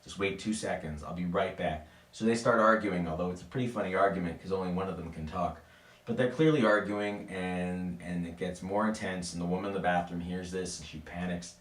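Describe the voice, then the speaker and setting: Deep-voiced man telling a spooky tale. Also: fairly quick. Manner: casual, playful, with asides to listeners. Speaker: storyteller. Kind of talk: live spooky storytelling. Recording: echoey room, mic at a distance.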